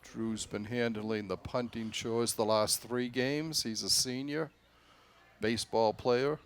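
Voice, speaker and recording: Man calling high school football plays. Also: fairly even intonation, slow, clean tone. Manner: rises in pitch and volume on big plays. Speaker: play-by-play announcer. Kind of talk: play-by-play commentary. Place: local high school football broadcast booth.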